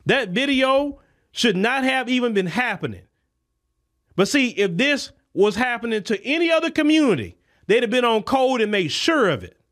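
Impassioned high-voiced man ranting. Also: very animated, moderate pace, fairly bright tone. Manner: impassioned, repetitive, preacher-like cadence. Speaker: podcast host. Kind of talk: political commentary monologue. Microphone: podcast microphone.

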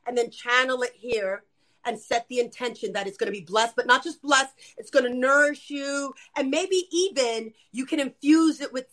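Fast-talking high-voiced woman guest. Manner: rapid, animated, addresses viewers as "you guys". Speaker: guest, spiritual energy worker. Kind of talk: casual live-stream chat.

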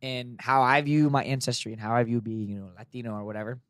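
A man's voice: medium pitch, steady tone, fast, clear, resonant tone, no room sound, clean studio sound. A man co-hosting a podcast, chatting casually, teasing and telling stories. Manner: joking, teasing, tells anecdotes. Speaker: podcast co-host. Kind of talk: casual chat.

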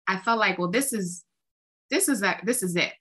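Woman songwriter guest, bright voice, chatty storytelling w lots of "like", acts out conversations. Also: medium pitch, moderate pace, slightly rough. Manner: animated, acts out quoted exchanges with lots of "like". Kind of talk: casual interview storytelling.

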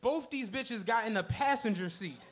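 A man, hosting a live podcast show and telling a comic story in an animated, slangy way with frequent laughter. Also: high voice, normal speed. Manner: animated, laughing, slangy, acts out other people's lines. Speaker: podcast host. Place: comedy club stage.

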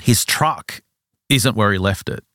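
A man hosting a podcast, telling a story in a casual, animated way and acting out the characters' lines. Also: on the low side, measured pace, no room sound, clean studio sound.

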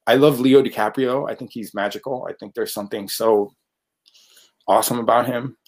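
A man's voice: mid-range voice, steady tone, brisk, darkish tone. Chatty man rambling about acting work. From United States. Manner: chatty, rambling, frequent fillers. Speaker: actor guest. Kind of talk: casual interview.

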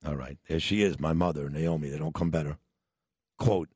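A man's voice: very deep voice, normal speed, darkish tone, husky, no room sound. A man hosting a radio show, chatting casually and affectionately with his caller. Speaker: radio host. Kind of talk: casual chat.

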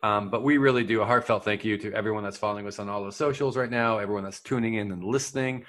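A man's voice: fairly low pitch, fast talker, fairly bright tone. A man hosting a comedy podcast, joking and plugging the show in casual banter. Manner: upbeat, promotional, joking. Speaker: podcast host.

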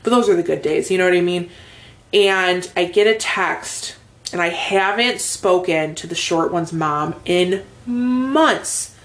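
A woman's voice: lowish voice, a little slow. Young woman swearing through a candid story. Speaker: podcast co-host. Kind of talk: casual chat.

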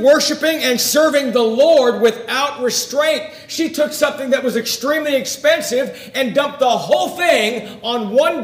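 A man delivers a sermon in a high voice, pressing his listeners with direct questions. He swings between loud emphasis and hushed, quiet lines. The room around him is echoey. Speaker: preacher.

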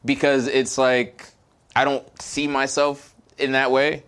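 A man's voice: medium pitch, little pitch movement, slow pace, a bit bright, smooth. Hesitant, thoughtful podcast co-host man. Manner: reflective, hesitant storytelling with many fillers. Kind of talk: casual chat.

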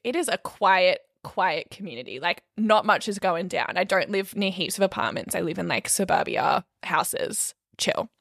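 A young woman, co-hosting a podcast and telling a story in a casual, animated way, swearing freely and saying "like" a lot. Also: medium pitch, vocal fry, no echo, studio quality. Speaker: podcast co-host.

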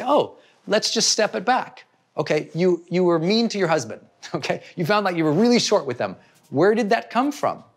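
A man giving a motivational self-help talk, speaking in an animated way and acting out people's inner thoughts. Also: medium pitch.

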